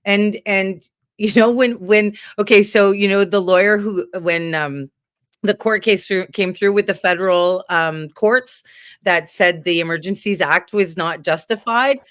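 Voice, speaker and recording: A woman guest from Canada in casual political chat, talking in a heated, rambling, animated way with many fillers. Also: mid-range voice, measured pace, no echo, clean studio sound.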